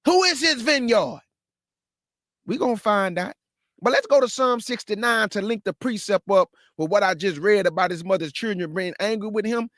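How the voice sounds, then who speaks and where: A man with a very high voice hosts an informal scripture lesson. He talks in a slangy, conversational way and poses rhetorical questions to his listeners. The recording is dry, with no room sound. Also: animated, normal speed, fairly bright tone, no echo. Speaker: host and Bible teacher.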